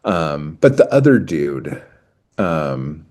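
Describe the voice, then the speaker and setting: A man co-hosting a podcast in casual chat, telling stories in a profane, animated way. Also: very deep voice, takes it slowly. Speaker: podcast co-host.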